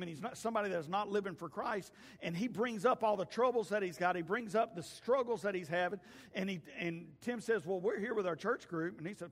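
High-voiced pastor in a hall. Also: male voice. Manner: folksy, storytelling, swings from loud to hushed. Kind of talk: sermon. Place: church sanctuary. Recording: long hall reverb.

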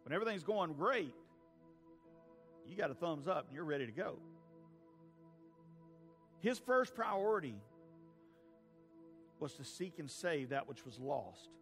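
Man, pastor, sermon, slightly high voice, hushed to fervent swings, faint background music. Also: big pitch swings, measured pace, long pauses. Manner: swings from hushed pleading to loud fervent peaks. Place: church sanctuary with a congregation.

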